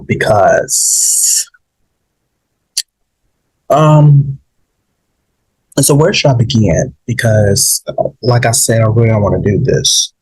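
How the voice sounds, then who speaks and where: Emotional guy on his podcast, rambly and slow, kinda low husky voice, trying not to cry. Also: poor audio. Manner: halting, rambling, full of fillers and restarts. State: emotional, holding back tears. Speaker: podcast host. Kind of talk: emotional solo podcast monologue.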